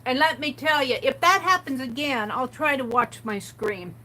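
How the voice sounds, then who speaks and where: Bright, chatty woman hosting a craft stream. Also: high-pitched, normal speed, poor audio. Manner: chatty, reads quotes aloud with amused commentary. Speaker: art livestream host. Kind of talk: casual craft livestream chat.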